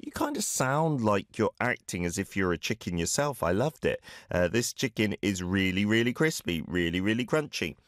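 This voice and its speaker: A man hosting a Korean language show, playing listener clips and gently correcting their pronunciation. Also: on the low side, lively intonation, no echo, studio quality. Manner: encouraging, explains pronunciation slowly. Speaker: host of a Korean learning show. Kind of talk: friendly radio-style language lesson chat.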